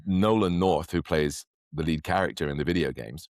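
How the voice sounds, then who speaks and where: A man with an English accent, a podcast guest, chatting casually in a rambling, animated way. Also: extremely low pitch, moderate pace, no echo, clean studio sound. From England. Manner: rambling, animated storyteller who acts out quotes. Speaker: podcast guest, actor and magician. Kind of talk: casual interview chat.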